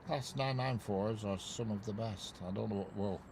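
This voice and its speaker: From a car parked by a railway bridge, a man from northern England livestreams, rambling casually and greeting people in chat by name. His fairly low voice is creaky and darkish at normal speed. There's slight background noise on his wireless clip-on mic.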